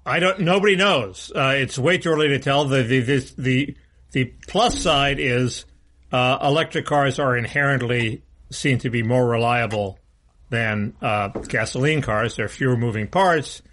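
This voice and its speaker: On a casual political podcast, this male co-host speaks bluntly at a moderate pace, frequently starting his sentences over. His voice is medium in pitch and a bit bright.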